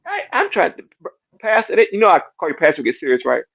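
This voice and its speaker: A man sharing a casual church testimony, animated and repetitive, acting out his talks with God. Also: high-pitched, fast talker, vocal fry. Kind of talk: casual church panel discussion. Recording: dull lo-fi dry sound.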